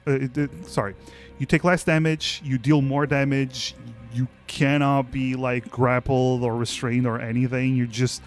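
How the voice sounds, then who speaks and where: A man narrating as game master in a relaxed, chatty way. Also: mid-range voice, unhurried, soft background music. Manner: relaxed, chatty, many fillers and restarts.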